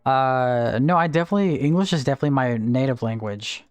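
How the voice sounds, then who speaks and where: A man from Texas, with no regional accent, streams a game live in a mid-range, smooth voice at a quick pace. The recording is dry and the audio dull. He chats casually, answers chat, and counts out spins as part of his gameplay commentary.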